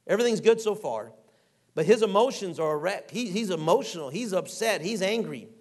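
A man preaching a sermon in a fairly high voice. He is middle-aged and folksy, slipping into little acted-out voices and reading scripture in a slower, measured way. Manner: folksy and animated, acting out quotes and reading scripture aloud.

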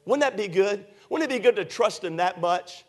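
A man's voice: high voice, lively intonation, normal speed, darkish tone. A man preaching a sermon as pastor, earnest and repetitive, with many rhetorical questions and frequent "uh".

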